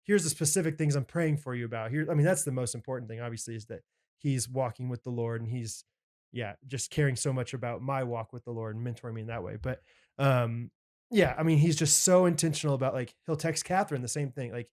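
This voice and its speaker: A young man co-hosts a casual podcast chat in a middle-pitched voice. He talks earnestly and circles around his points, with many filler words and restarts. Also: a little fast, a little mellow. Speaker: podcast co-host.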